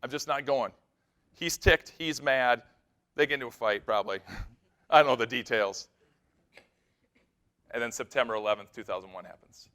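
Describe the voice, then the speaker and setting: A male pastor giving a keynote sermon on a conference stage, telling stories in an animated way that swings between loud bursts and hushed, serious moments. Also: mid-range voice, moderate pace, pauses often.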